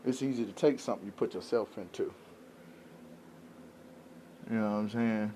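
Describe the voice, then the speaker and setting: The vlogger's voice is on the low side and mellow, at a moderate pace, with a little hiss or hum. Unscripted and facing his camera, he vents in an aggrieved, rambling manner and keeps asking viewers "you know what I'm saying".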